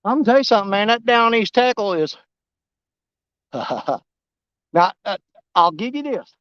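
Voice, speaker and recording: A man's voice: high voice, lively intonation, moderate pace, a bit bright, no echo. A man talking fishing, folksy and joking, his voice bouncing up and down. The audio is dry and a little dull. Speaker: fishing vlogger. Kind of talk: casual outdoor vlog chat.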